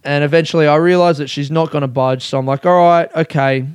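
A young man, a comedian, telling a story casually, animated and self-mocking, his voice jumping high when excited. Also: fast, clean tone, dry recording.

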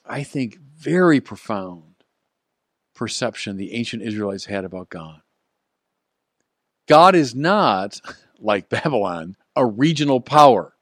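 A man preaching a sermon at an unhurried, deliberate pace. His delivery is earnest and emphatic, and he lifts his voice to drive points home. The recording is close and dry. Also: mid-range voice, no echo. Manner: earnest, emphatic, with rising emphasis and soft chuckles.

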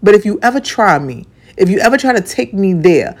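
A woman in her forties, a radio personality, giving a blunt, profane personal monologue that mixes soft lines with punchy, repeated emphasis. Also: medium pitch, big pitch swings, a little fast, slightly rough. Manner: swings between soft and punchy delivery.

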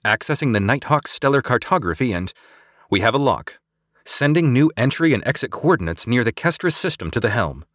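A man voicing a quiet, devout navigator who mutters in formal, measured words, for an audiobook. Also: mid-range voice, big pitch swings, no room sound, clean studio sound, voice pushed up. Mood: focused. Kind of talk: scripted audiobook acting.

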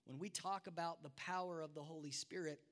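A man's voice: a little high, fairly even intonation, brisk, a bit bright. A man preaching a sermon as pastor, emphatic, with self-deprecating asides, in a church sanctuary. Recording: long reverb of a large hall.

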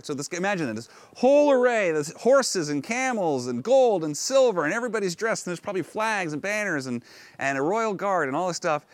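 A man preaching a sermon on location, retelling a Bible story in an animated, conversational way and acting out the characters' lines. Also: on the high side, no echo. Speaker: pastor. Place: outdoors on location.

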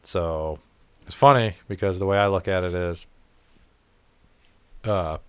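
A man's voice: low-pitched, measured pace, clear, resonant tone, no echo. A man from the St. Louis area talking bluntly in a casual podcast chat, swearing and laughing often. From St. Louis area, United States.

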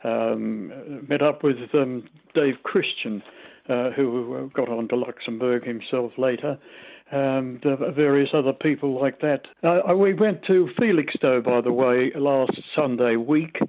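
A man in his eighties with a mild Australian accent, a retired radio presenter reminiscing in an interview, rambling and halting with many fillers. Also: medium pitch, phone-quality sound. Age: 80s.

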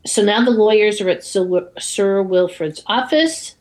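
Woman co-host, mid-pitched, casual plot-retelling storyteller. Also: a little slow, a little mellow. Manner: narrating plot, acting out quotes.

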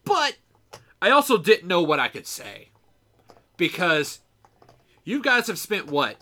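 A man's voice: sits high, wildly swooping pitch, takes it slowly, bright, forceful tone. A man co-hosting a podcast in casual chat, rambling and self-mocking as he goes. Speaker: podcast co-host.

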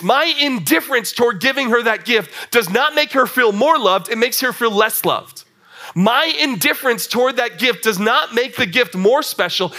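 A young man preaching a sermon to young adults, animated and acting out little scenes, often repeating words as he starts. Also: very high-pitched. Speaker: young adult ministry pastor.

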